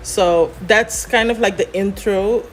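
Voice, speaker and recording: A woman scriptwriter explaining how to write a script in a relaxed, chatty way, often pausing on "um" and "you know". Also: mid-range voice, faint music behind. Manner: chatty, many fillers, explains step by step. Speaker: scriptwriter guest. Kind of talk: explaining scriptwriting in a casual chat.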